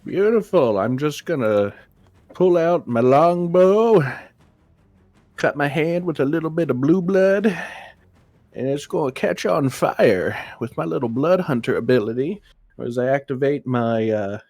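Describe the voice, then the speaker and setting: A man playing a character in a tabletop game, declaring his actions in a lively, joking way. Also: a little high, a little slow, no echo, soft background music. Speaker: player. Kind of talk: casual tabletop play.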